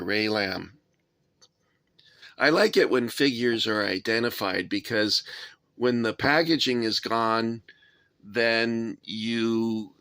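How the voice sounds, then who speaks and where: A man's voice: mid-range voice, bright, forceful tone, no room sound, studio quality. A middle-aged man hosting a casual vlog, rambling and self-deprecating as he shows off his toy soldier collection. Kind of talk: casual show-and-tell vlog.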